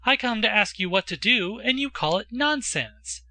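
A man voicing an excitable young girl, Natasha. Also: sits high, moderate pace, no room sound, heavily acted. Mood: pleading. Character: excitable teenage girl, earnest and indignant.

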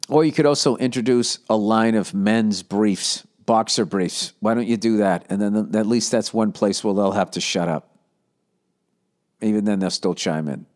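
A man hosting a podcast, reading listener letters and giving blunt, profane, rambling advice with mock exasperation. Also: on the low side. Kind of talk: casual profane advice rant.

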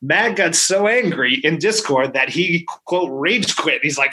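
Bright-voiced, emphatic male podcast co-host. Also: fairly high pitch, lively intonation, measured pace, rough recording. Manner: emphatic, argumentative, keeps asking "right?". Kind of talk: casual chat.

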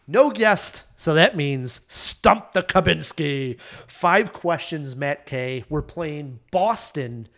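A man co-hosting a casual movie podcast, telling stories quickly and running a trivia game. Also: fairly high pitch. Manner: animated, quick storytelling. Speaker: podcast co-host. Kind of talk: casual movie review chat.

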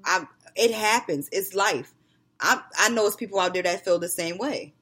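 Co-hosting a casual podcast chat, a woman tells animated stories, acting out scenes where she scolds her kids. Her mid-range voice has a breathy edge and a moderate pace.

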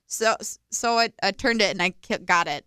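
A woman co-hosting a casual podcast, chatty and expressive as she tells stories. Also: mid-range voice, moderate pace, clear, resonant tone, dry recording, clean studio sound. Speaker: podcast co-host. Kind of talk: casual chat.

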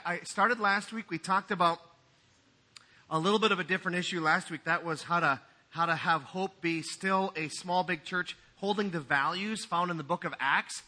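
A man's voice: high-pitched, pushed and bright. A man pastor giving a sermon in a conversational, joking way.

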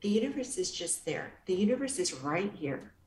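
A woman guest being interviewed, speaking calmly and gently in a soothing, therapeutic way. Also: fairly low pitch, normal speed, slight background noise. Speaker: guest author and inner-child coach. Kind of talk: interview answers. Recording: roomy echo.

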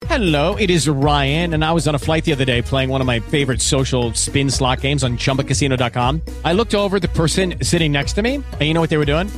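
A man's voice: a little high, fast talker, hardly any pauses, soft background music. A man reading an upbeat, chatty radio advertisement in a salesy tone. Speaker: ad announcer.

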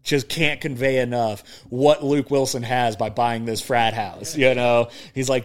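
A man's voice: mid-range voice, steady tone, unhurried, hardly any pauses. Casual young man on a podcast. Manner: rambling, laughs often, acts out movie quotes. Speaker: podcast co-host. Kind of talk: casual chat.

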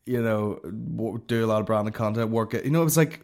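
A young man hosting a comedy podcast, telling a story in a profane, animated rant full of fillers. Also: on the low side, fairly quick.

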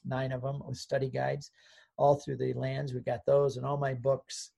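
Older American man, interview guest, earnest storyteller with a dark, gravelly, husky voice. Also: medium pitch, monotone, moderate pace. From United States. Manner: earnest storyteller, gets choked up, voices quoted people. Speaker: interview guest, Catholic convert author. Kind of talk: telling his conversion story.

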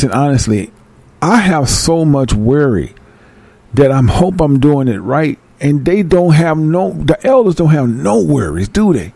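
A man leading a verse-by-verse bible study, reading verses slowly and then explaining them in loose, fired-up street talk. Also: a little high, vocal fry, dark tone, dry recording. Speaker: scripture teacher.

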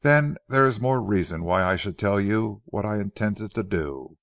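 A man voicing a calm, persistent police corporal who tells his account quietly and deliberately. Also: fairly low pitch, no room sound, clean studio sound. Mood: steady.

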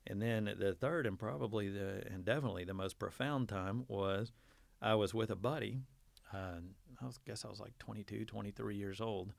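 A man's voice: lowish voice, normal speed, creaky, no room sound. A man in his forties, a teacher, telling a long folksy story in a casual interview and acting out the quotes. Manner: folksy, self-deprecating storyteller who acts out quotes.

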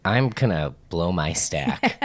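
A man's voice: lowish voice, a bit bright. A flustered man swearing and laughing between recording takes. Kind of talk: outtake banter.

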